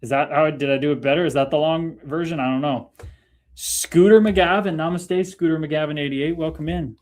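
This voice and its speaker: A man's voice: a little high, steady tone, a little fast. Upbeat chatty Canadian man. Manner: laid-back, chatty, laughs often, talks to viewers by name. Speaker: livestream host. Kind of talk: casual livestream chat reading comments.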